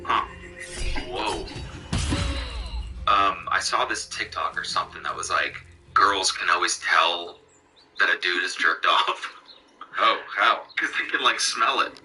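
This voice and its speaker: Young male streamer, crude jokester, leisurely pace, very lively pitch, game music behind. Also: rough recording. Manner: crude joking, laughs constantly. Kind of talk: casual gaming stream chat.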